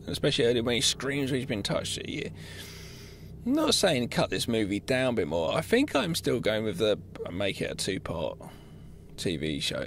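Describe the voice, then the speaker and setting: A man giving blunt, animated opinions on a film while co-hosting a podcast, swearing now and then. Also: medium pitch, a little hiss or hum. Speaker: podcast co-host. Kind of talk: casual film discussion.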